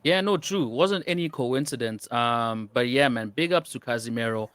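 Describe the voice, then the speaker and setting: Male co-host, medium pitch, chatty and rambling, dry recording. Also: moderate pace, fairly bright tone, clean tone, no echo. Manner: rambling, frequent "you know" and restarts. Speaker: podcast co-host. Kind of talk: casual football chat.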